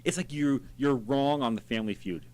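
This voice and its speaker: A man's voice: mid-range voice, brisk, darkish tone. A man co-hosting a comedic talk show in a radio studio, joking and playful, sometimes dropping to a whisper for a gag. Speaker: podcast co-host. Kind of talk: casual comedic banter.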